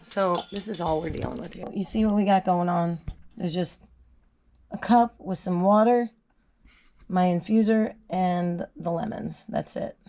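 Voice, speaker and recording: Fairly low and mellow, the woman's voice moves at a measured pace, weakened by a cold. She's a gardening vlogger making tea in her home kitchen, chatting to the camera casually and bluntly, with self-mocking asides in a how-to manner.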